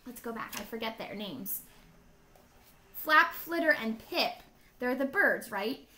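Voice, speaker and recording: Woman teacher, storybook read-aloud lesson; slow, bright, encouraging questions. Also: a little high, expressive. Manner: encouraging, asks listeners questions and praises answers.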